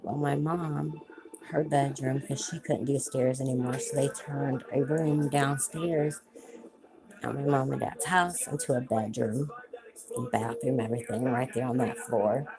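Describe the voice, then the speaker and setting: A woman's voice: very deep voice, steady tone, unhurried, poor audio. A woman hosting a casual livestream, telling family stories in a chatty way and greeting viewers as they join. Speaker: livestream host.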